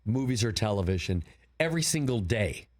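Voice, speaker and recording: An older man being interviewed in a studio, with a voice of middle pitch. He tells long, rambling stories and brings them to life when he quotes people. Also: fairly quick. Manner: rambling anecdotes, animated quoting. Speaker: film producer, guest. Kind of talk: casual interview storytelling. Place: broadcast studio.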